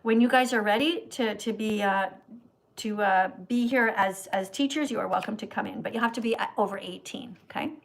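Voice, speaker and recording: A woman's voice: mid-range voice, a little fast, creaky, low-quality recording. A woman hosting a livestream, answering viewer questions with a preachy, scolding, teacher-like manner. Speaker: vegan livestream host.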